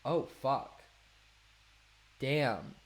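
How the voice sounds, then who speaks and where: With a medium-pitched, expressive voice and drawn-out words, a young man chats on his live stream and reads messages from viewers. He swears freely, laughs a lot, and his volume swings from loud to mumbled, with faint music underneath.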